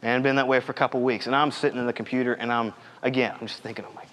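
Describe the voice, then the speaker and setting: A man's voice: medium pitch, fairly even intonation, very fast, few pauses, a bit bright. Young man preaching in a reverberant hall. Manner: earnest, conversational preaching with storytelling. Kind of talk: sermon.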